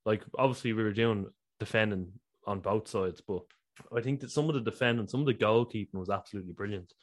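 A man from Ireland with a slightly low voice co-hosts a casual podcast. He talks football with plain enthusiasm, relaxed and conversational. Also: fast. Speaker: podcast co-host. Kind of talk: casual chat.

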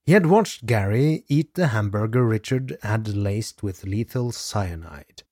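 A man's voice: fairly low pitch, expressive, unhurried, darkish tone, husky, dry recording, studio quality. A man narrating a scripted true-crime story in a dramatic manner, speaking straight to the listener. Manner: addresses the listener directly, dramatic. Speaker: podcast narrator.

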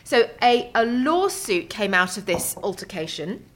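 A woman co-hosting a chatty podcast, dry and teasing as she gently scolds her partner and retells a news story. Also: medium pitch, very animated, unhurried. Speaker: podcast co-host. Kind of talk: casual banter.

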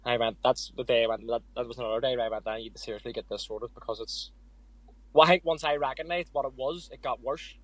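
A young Irish man speaking quickly and openly as a podcast guest, telling his story with little quoted asides. The sound is close and dry, with no room around his voice. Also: mid-range voice, steady tone, fairly bright tone, dry recording, low-quality recording. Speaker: guest boxer. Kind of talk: casual podcast interview.

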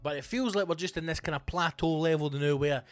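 A man's voice: on the high side, brisk, no room sound, soft background music. A young man, hosting a podcast, ranting in a sardonic, sweary way and putting on voices to mock people. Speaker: podcast host. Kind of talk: profane rant.

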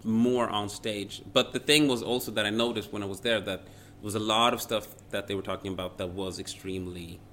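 Wry, bright-voiced man. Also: on the low side, fairly quick, hardly any pauses, a little hiss or hum. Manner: wry, deadpan teasing. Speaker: guest comedian and radio host. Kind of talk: casual chat.

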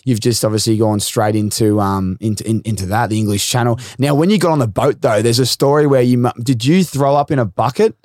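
A man's voice: medium pitch, a little fast, hardly any pauses, a little mellow, no room sound, clean studio sound. A man hosting a casual interview, retelling his guest's story and prompting him for more. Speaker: host.

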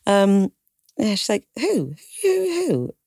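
A woman's voice: medium pitch, wildly swooping pitch, takes it slowly, mellow, slightly rough, dry recording, studio quality. A woman telling a personal story on a podcast, often breaking into the voices of the people in it and laughing nervously. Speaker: podcast co-host telling her own story. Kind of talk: candid conversational storytelling.

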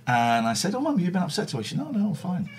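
A man's voice: high-pitched, huge pitch swings, quick pace. A middle-aged man hosting a casual livestream, telling rambling, self-mocking stories and swearing freely. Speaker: livestream host. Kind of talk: casual chat.

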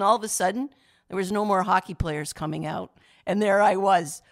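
Middle-aged woman, casual storytelling, lively, acting out quotes. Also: medium pitch, normal speed, vocal fry. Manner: lively, acts out quoted voices. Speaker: daughter sharing memories.

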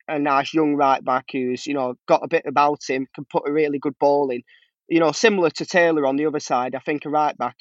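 Guy on a podcast, kinda high for a bloke, laughs a lot, lo-fi dry call audio. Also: dry recording. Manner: chatty, laughs easily, hesitant restarts. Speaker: podcast guest. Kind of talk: casual podcast chat.

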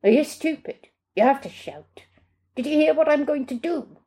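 A woman's voice: high voice, expressive, normal speed, voice pushed up. A woman reading aloud and voicing a spoiled, aggressive teenage boy who swears and threatens. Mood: angry. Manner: coarse, shouting, swearing.

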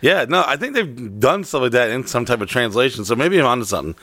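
A man's voice: medium pitch, animated, fast talker, a bit bright, no room sound. A man co-hosting a casual chat, telling travel stories with lots of swearing and jokes. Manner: profane, joking storyteller. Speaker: podcast co-host.

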